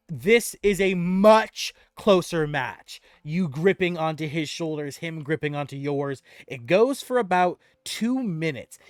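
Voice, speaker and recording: A man runs a tabletop game, narrating the action in a slightly high voice that swoops up and down. The sound is dry and close, with faint music underneath. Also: no room sound. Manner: lively, animated narration with restarts. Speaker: game master.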